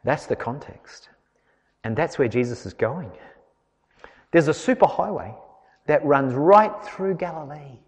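A man preaching a sermon in an expressive, conversational way, chatting with his congregation as he explains the passage. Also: a little high, measured pace, pauses often, big-room sound. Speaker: pastor.

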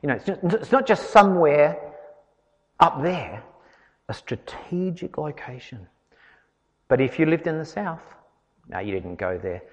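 A man preaching a sermon in an expressive, conversational way, chatting with his congregation as he explains the passage. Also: fairly high pitch, measured pace, long reverb tail. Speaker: pastor.

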